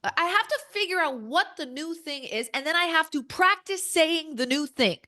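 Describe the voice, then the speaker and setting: A woman's voice: high voice, animated, moderate pace, bright, forceful tone. A woman speaking as a podcast guest, candid and emphatic, acting out her own inner dialogue as she talks.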